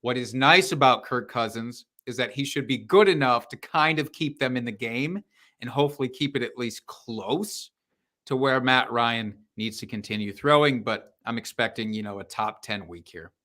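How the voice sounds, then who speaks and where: Bright-voiced laid-back podcast co-host man. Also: mid-range voice, moderate pace. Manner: laid-back, swears and laughs often. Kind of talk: casual podcast banter.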